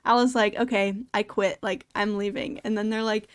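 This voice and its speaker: A young woman tells a story on her podcast in a chatty, casual way, her voice sitting a little high. She leans on filler words as she talks. The sound is dry and close. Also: brisk, few pauses, smooth, no echo. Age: young adult. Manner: chatty, animated retelling with many "like" fillers. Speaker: podcast host.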